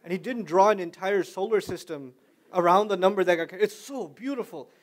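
A man giving a religious talk to a young audience, telling stories with big swings from quiet to loud and asking listeners questions. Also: high voice, fairly quick. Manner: animated storyteller with wide swings in loudness; conversational, asks listeners questions. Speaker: Islamic lecturer.

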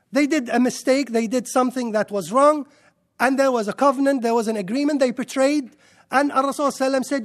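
A man giving an impassioned religious lecture to a live audience, excitable and firing rhetorical questions at the listeners. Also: very high-pitched. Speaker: Islamic lecturer.

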